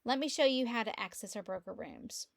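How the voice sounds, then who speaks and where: Middle-aged woman with a lilt, chatty and upbeat, computer mic at home, fairly high voice. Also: fairly quick, creaky, slight background noise. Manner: chatty, animated storytelling with laughs. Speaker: real estate agent. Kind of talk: casual screen-share walkthrough. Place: quiet room at home.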